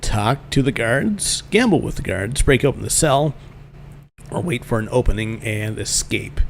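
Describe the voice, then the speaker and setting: Give me a man casually narrating a let's-play, reading the game's text and his own choices aloud. His delivery is wry and self-mocking. His voice is at an ordinary middle pitch, with a faint hum of noise in the background. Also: expressive, measured pace, creaky. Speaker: game narrator and player.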